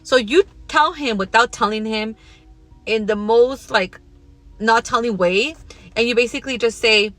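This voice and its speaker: A woman's voice: on the high side, moderate pace, a bit bright, soft background music. A young woman telling a casual workplace storytime in a blunt, profane, second-person way.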